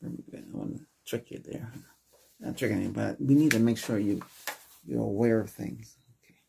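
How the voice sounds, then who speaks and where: A man in a whispered role-play as a doctor, talking softly and gently and checking in with short questions, close to the microphone. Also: fairly low pitch, normal speed, gravelly, noisy background.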